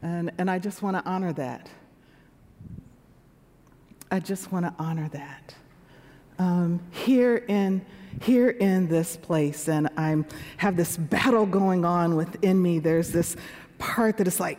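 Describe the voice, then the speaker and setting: Speaking at a moderate pace with a medium-pitched, darkish voice, a woman in her sixties delivers a church sermon, engaging the congregation in a conversational way. A big hall's long reverb fills the recording.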